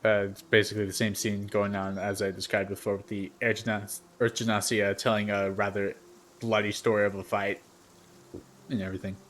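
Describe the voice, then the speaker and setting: A man running a tabletop game as game master, describing scenes with many pauses and fillers. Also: fairly low pitch, little pitch movement, a bit bright, a little hiss or hum.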